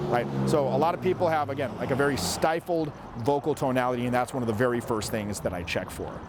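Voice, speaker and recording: Man in his forties, mid-pitched voice, emphatic coaching talk, faint city noise behind. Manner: emphatic, demonstrates tones with his voice. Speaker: social skills coach. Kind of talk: instructional monologue.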